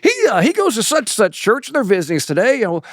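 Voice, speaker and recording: A man's voice: sits high, very animated, fast talker, no echo, clean studio sound, pitched above the performer's own voice, heavily acted. A man voicing an old-school country preacher, folksy and drawling as he announces visitors.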